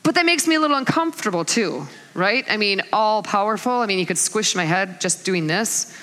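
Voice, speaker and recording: A woman's voice: mid-range voice, fairly quick, big-room sound. A middle-aged woman giving a sermon, telling stories with laughter and acting out voices, mother of kids. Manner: animated storytelling with laughs and acted-out voices. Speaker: speaker at a church talk.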